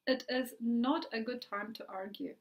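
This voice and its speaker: A woman astrologer giving a forecast in a dreamy, repetitive way, with many pauses and ums. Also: on the high side, steady tone.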